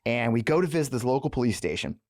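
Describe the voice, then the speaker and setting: A middle-aged man hosting an interview, telling stories fast in a chatty way and laughing often. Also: mid-range voice, big pitch swings, a little mellow, no room sound, clean studio sound. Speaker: podcast host. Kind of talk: casual interview chat.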